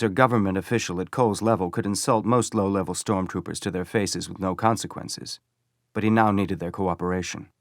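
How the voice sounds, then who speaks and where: A man narrating an audiobook with a steady, even delivery. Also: deep voice, brisk, dry recording, clean studio sound. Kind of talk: audiobook reading.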